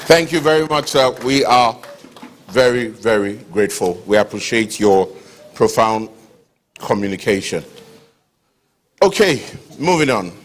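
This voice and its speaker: A man's voice: fairly low pitch, animated, unhurried, long pauses. A man serving as master of ceremonies at a public lecture, with courteous, formal phrasing. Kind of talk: formal event hosting. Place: lecture hall.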